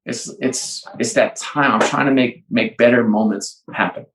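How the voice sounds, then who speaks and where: Energetic man telling stories in an echoey room. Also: medium pitch, normal speed, background noise. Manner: energetic storyteller, acts out both sides of dialogues. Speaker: guest, sports and entertainment executive. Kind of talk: animated podcast conversation. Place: home.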